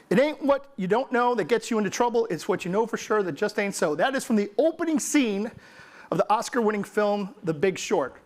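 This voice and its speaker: A man giving a humorous, energetic keynote to a live audience, quizzing them and mimicking what people say. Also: high voice. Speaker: conference keynote speaker.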